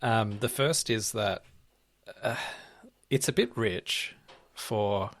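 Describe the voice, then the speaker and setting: Man, podcast co-host, gravelly, casual political chat, rambling with "like" fillers. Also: on the low side, slow pace, a bit bright, no room sound. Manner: rambling, leans on "like" and "right?".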